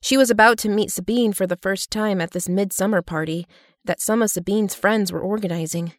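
A woman narrating an audiobook in an even, steady storytelling manner. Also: medium pitch, brisk, no echo, studio quality.

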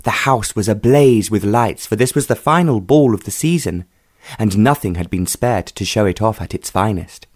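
A man's voice: on the low side, lively intonation, moderate pace, a little mellow, dry recording, clean studio sound. Man narrating an audiobook.

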